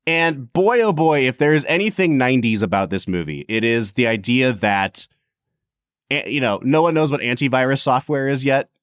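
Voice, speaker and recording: A podcast co-host with a medium-pitched, clear, resonant voice chats casually at a moderate pace, animated and joking often with frequent laughs. The studio sound is clean, with no room sound.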